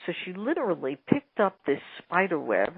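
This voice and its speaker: A woman hosting an interview with a husky voice, chatty and telling her own anecdotes. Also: lowish voice, huge pitch swings, normal speed, no room sound. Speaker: interview host. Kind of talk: phone interview. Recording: tinny phone line, dry.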